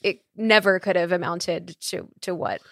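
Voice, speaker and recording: A woman hosting a podcast, gushing warmly in casual chat. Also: on the low side, steady tone, moderate pace, slight background noise. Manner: gushing, effusive. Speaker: podcast host.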